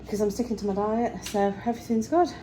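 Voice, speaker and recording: A woman's voice: mid-range voice, fast talker, mellow, slight background noise, low-quality recording. A woman chatting casually in a daily vlog, rambling about her day while walking outdoors, sometimes out of breath. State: out of breath at times. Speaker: vlogger.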